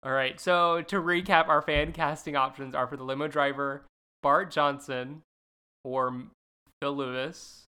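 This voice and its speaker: Giggly woman podcast cohost, bright voice, animated and chatty. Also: low voice, measured pace, clear, resonant tone. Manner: giggly, animated, leads the segment. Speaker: podcast co-host. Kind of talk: casual podcast chat.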